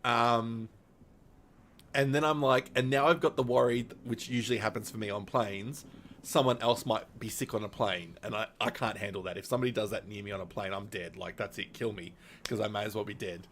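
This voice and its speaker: A man's voice: fairly low pitch, fairly even intonation, brisk, a bit bright, a little hiss or hum. A man streaming, telling a long personal story in casual, rambling talk full of fillers and little laughs.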